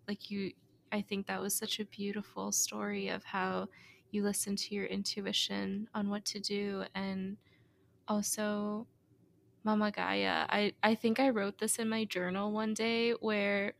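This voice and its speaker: A woman hosting a podcast, speaking softly and affirmingly in casual conversation. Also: mid-range voice, slight background noise. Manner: soft, slow, affirming, breathy at times. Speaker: podcast host.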